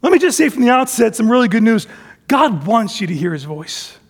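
High, gravelly-voiced pastor in a hall. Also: male voice, big pitch swings, a little fast. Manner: conversational, many restarts, acts out family dialogue. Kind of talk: sermon.

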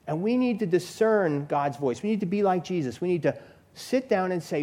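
A man delivers an informal sermon. He talks in a chatty, storytelling way, his fairly high voice climbing whenever he presses a point home. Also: animated, moderate pace, a little mellow. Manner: conversational storytelling, rising pitch when stressing a point. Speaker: lay preacher. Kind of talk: informal sermon with personal stories.

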